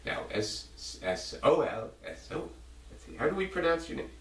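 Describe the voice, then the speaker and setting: A man rambling in a halting, self-interrupting way as he speaks straight to one person, thinking aloud. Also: fairly high pitch, big pitch swings. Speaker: video blogger. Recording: roomy, distant mic, loud guitar music. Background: loud guitar music.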